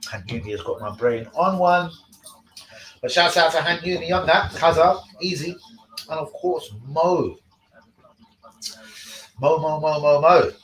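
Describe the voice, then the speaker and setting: A man hosting a casual live stream, sweary and excitable, talking to his chat about football. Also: a little high, moderate pace, echoey room, rough recording.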